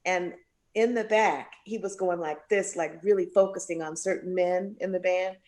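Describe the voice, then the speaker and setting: A woman jazz singer being interviewed, telling a story with lots of voices for the people in it. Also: normal speed. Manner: animated storyteller, acts out quoted voices with big pitch jumps.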